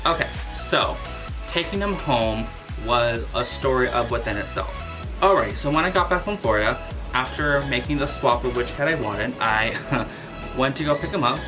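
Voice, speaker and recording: A man vlogger telling a casual storytime about his pet, animated and full of exclamations. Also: medium pitch, moderate pace, over music. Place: at home with his cat.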